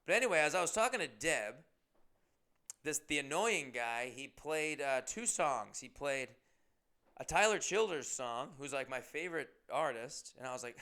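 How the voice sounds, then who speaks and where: A man's voice: on the high side, lively intonation, normal speed, bright, forceful tone, clear, resonant tone. A man hosting his own podcast, telling rambling, profane, self-deprecating stories in a casual monologue. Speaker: comedian and podcast host.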